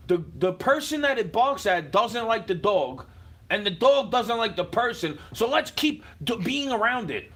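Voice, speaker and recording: Profane, ranting man with a lively pitch. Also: measured pace, breathy edge. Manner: profane, confrontational, shouting at times. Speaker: livestreamer. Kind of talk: angry rant to camera. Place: indoors, home. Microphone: camera.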